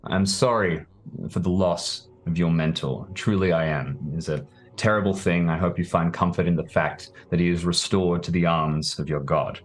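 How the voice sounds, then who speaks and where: A man playing a stately centaur warrior woman who speaks in formal, measured sentences. The voice stays very deep and low throughout. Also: lightly acted. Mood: solemn. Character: female centaur warrior, solemn keeper of mercy.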